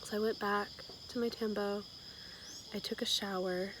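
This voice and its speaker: A woman's voice: medium pitch, steady tone, normal speed. A young woman talking casually to her camera in a video diary, often dropping to a whisper and saying "like" a lot. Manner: soft-spoken, often whispering, many "like" fillers. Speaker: vlogger. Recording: clear outdoor insect noise.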